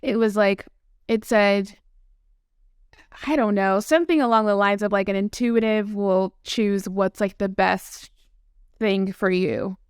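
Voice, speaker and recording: A woman's voice: medium pitch, measured pace, clear, resonant tone, no echo, clean studio sound. A woman guest telling a story in a casual conversation, chatty and full of "like" and quoted dialogue. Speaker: podcast guest.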